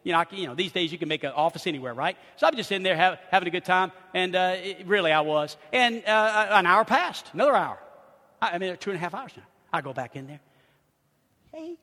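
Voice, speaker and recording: Bright, high-voiced preacher man in a hall. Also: quick pace. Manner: humorous, animated anecdotes with laughter. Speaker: pastor. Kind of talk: lively sermon storytelling. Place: church sanctuary. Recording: hall reverb in a church.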